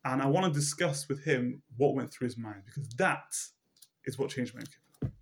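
Revered rebbe, soft and inquiring, quoted by a male teacher. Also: medium pitch, expressive, normal speed, lightly acted. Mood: gentle. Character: revered male Hasidic rebbe, gentle and curious.

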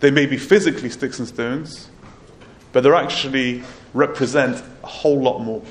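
A man's voice: medium pitch, fairly even intonation, moderate pace, lightly acted. A man voicing a grieving, earnest prophet. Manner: earnest, patient explaining. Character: grieving wise male prophet, patient and earnest. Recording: roomy echo, faint ambience.

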